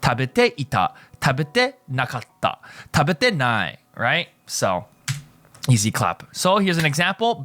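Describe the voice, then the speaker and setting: A man's voice: mid-range voice, sing-song, measured pace, a bit bright. A man teaching in a casual video lesson, explaining in loose restarts and often asking right?. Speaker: language teacher.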